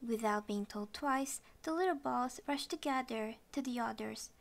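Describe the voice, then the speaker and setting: A woman's voice: a little high, normal speed, creaky. A woman narrating a children's story in English as a student project, reading expressively.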